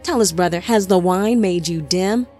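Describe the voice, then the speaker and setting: A woman's voice: on the low side, normal speed, a little mellow, natural voice. A woman reading the part of a devout young man who argues earnestly with his brother, faint music behind.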